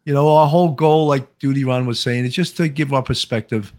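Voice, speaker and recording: A man's voice: medium pitch, brisk, darkish tone. A chatty man with a New York accent hosts a casual livestream. He laughs easily and often restarts his sentences. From Long Island, New York. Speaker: host, former investigator.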